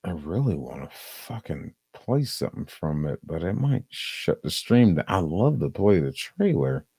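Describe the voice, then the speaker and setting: A man's voice: low-pitched, sing-song, measured pace, creaky, warm tone, husky, no echo. A man streaming a casual, profane movie review, rambling and leaning on "um" and "uh". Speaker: live streamer.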